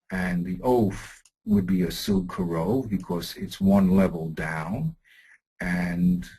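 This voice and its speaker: Gravelly deep-voiced man teaching a text. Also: darkish tone, low-quality recording. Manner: halting, many restarts and fillers while explaining a text. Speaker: Talmud teacher. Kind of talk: classroom text lesson.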